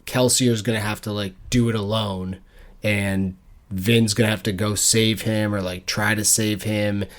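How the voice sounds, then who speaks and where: Low-voiced laughing podcast co-host. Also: male voice, steady tone, measured pace. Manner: joking, rambling, laughs often. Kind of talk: casual book club chat.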